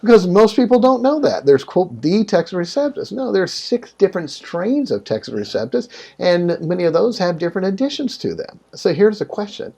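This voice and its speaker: Man, mellow tone, slightly husky, animated storyteller, casual interview chat. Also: fairly quick, few pauses. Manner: animated storytelling, frequent pitch jumps.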